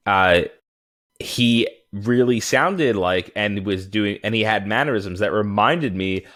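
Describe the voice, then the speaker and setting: A man with a lowish voice co-hosts a casual movie podcast. He rambles animatedly, stacking fillers and false starts as he builds a story. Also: slow pace, fairly bright tone. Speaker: podcast co-host.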